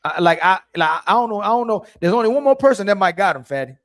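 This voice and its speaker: A man's voice: high voice, expressive, quick pace, a bit bright. A young man co-hosting a casual livestream, reading out donor messages and stumbling over names. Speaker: co-host reading super chats.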